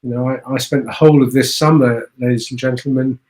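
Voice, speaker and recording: A man talks as a guest in a relaxed interview, halting and repeating small words as he goes. His voice sits at an ordinary middle pitch. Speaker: guest explorer. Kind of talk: conversational interview.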